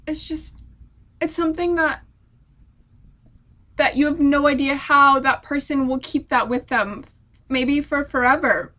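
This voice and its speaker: In a hotel room, a young woman who is a military spouse cries through an emotional personal vlog, rambling and leaning heavily on "like." Her voice is high and bright with a forceful edge, her intonation fairly even, and she moves at a measured pace with long pauses.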